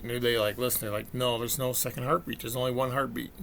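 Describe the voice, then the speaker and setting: Gravelly-voiced man rambling casually. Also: mid-range voice, level tone, fast, fairly bright tone, slight background noise. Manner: chatty storyteller, acts out quotes. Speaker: vlogger.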